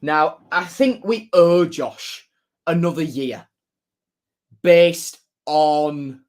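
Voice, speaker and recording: Chatty man, fairly high voice. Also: very slow, a little mellow. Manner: chatty, laughs often, repeats his phrases. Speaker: football fan streamer. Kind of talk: casual live stream chat reading comments.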